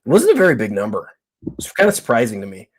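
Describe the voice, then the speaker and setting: A man's voice: lowish voice, wildly swooping pitch, racing, husky. Chatty man giving collector commentary. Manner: chatty, hesitant, lots of fillers and restarts. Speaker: guest collector. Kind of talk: casual expert commentary.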